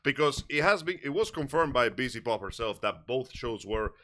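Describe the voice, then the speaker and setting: Lively, bright male co-host with deadpan jokes. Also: medium pitch, normal speed. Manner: deadpan absurd jokes and animated storytelling. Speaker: podcast co-host. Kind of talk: casual live-stream chat.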